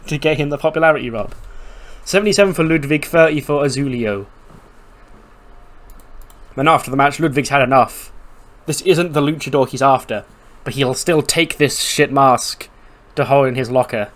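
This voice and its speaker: A man's voice: medium pitch, a bit bright, slight background noise. A man casually narrating his game playthrough, chatty and storytelling with lots of fillers. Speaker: game streamer.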